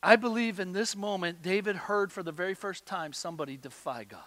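A man preaching a sermon, swinging between loud emphatic bursts and quiet low asides. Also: fairly quick, in a large hall. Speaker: pastor.

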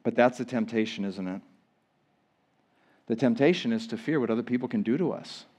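A male pastor preaching a sermon to a church congregation, swinging from loud emphatic lines to hushed ones. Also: mid-range voice, brisk. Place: church sanctuary.

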